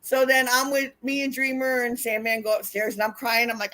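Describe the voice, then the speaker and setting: A woman telling wild road stories in casual chat, animated and profane, acting out what people said. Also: a little high, moderate pace, few pauses. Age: older. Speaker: wrestling interview guest. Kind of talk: casual storytelling.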